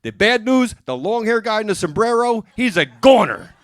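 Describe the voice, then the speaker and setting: A man doing stand-up comedy, rattling off one joke after another and dipping into quick character voices. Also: high-pitched, big pitch swings. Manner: rapid-fire joke delivery with character voices. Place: music and arts center stage.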